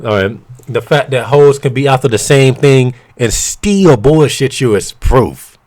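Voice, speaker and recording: A man's voice: mid-range voice, lively intonation, measured pace, a little mellow. A man ranting bluntly and profanely to camera, retelling an argument with quoted back-and-forth. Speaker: vlogger. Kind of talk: casual ranting monologue.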